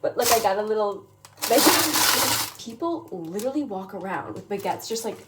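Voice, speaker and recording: A woman's voice: medium pitch, lively intonation, normal speed. A young American woman in her twenties, a study abroad student, chatting casually to camera with lots of fillers. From United States. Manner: chatty, full of "like" fillers and laughs. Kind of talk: casual vlog chat. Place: apartment and streets. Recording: noisy handheld vlog audio.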